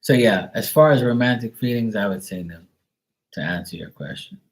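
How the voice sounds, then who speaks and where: A man's voice: fairly low pitch, moderate pace. A man reading tarot on a live stream, who chats casually and tells rambling, profane stories. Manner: blunt, profane, rambling storyteller. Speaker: tarot reader.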